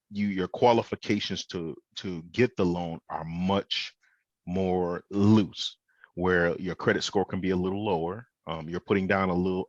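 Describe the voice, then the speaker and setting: A man, a mortgage lender, calmly explaining government home loans on a talk show. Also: low voice, no room sound, dull audio. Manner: methodical, plain explanations with fillers.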